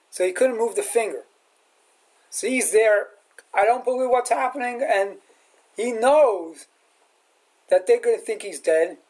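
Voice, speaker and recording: A man's voice: high voice, low-quality recording. A man giving a sermon as a rabbi and teacher, retelling a film scene and acting out its lines. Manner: animated storyteller acting out quotes. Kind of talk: sermon with storytelling.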